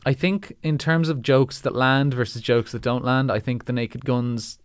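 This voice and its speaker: A man with a smooth, resonant voice talks through comedy films in casual podcast chat. He picks his words as he goes and often restarts a sentence. The sound is dry and close. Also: mid-range voice, steady tone, moderate pace, dry recording. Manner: analytical, restarts sentences, laughs at jokes. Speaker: podcast co-host. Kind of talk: casual film discussion.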